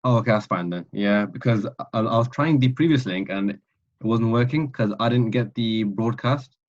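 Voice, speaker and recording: A man's voice: medium pitch, normal speed. A man, a student in an online class, asking hesitantly with many fillers. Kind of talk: casual chat. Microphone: video call. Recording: dull lo-fi call audio.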